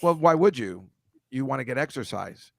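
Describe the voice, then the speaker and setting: A man's voice: medium pitch, animated, moderate pace, creaky, fairly bright tone, no room sound. A man chatting as a guest on a podcast, rambling and self-deprecating, speeding up when he gets going. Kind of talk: casual chat.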